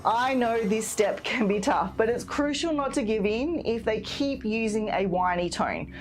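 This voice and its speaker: A woman giving parenting advice in calm, steady, scripted narration, like a patient teacher. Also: a little high, a little slow. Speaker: parenting educator.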